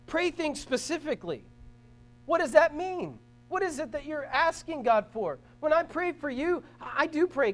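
Man, pastor, church sermon, very high voice, earnest, emphatic, repeats himself. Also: lively intonation, moderate pace. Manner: earnest preaching with rising emphasis and repeated phrases.

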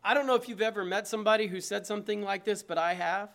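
A man's voice: high-pitched, fast talker, fairly bright tone. A man preaching a sermon from the pulpit, emphatic and conversational, with asides to the congregation. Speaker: pastor. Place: church.

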